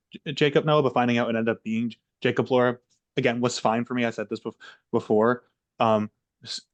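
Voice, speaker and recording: A man who is a finalist, calmly answering a juror's question with explanations and occasional restarts. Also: medium pitch, no echo. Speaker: game finalist. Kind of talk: casual online call.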